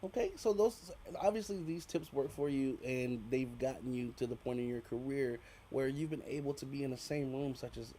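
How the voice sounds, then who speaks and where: A man hosting a podcast, asking an actress questions in a halting way, often repeating words as he builds up the question. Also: medium pitch, warm tone, slight background noise. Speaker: podcast host. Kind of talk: casual interview questions.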